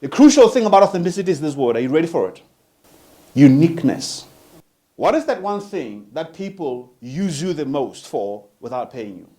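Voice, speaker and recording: South african guy doing a live motivational talk, bit higher voice, punchy, asks the crowd lots of questions. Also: very animated, a little fast, few pauses, mellow. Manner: emphatic, rhetorical questions, humorous asides. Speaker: motivational speaker. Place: room with live audience.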